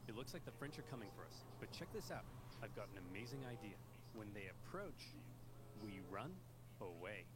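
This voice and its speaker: A man's voice: on the low side, big pitch swings, normal speed, long pauses, noisy background. A man voicing a scheming male emperor, comically smug as he plans a fake retreat.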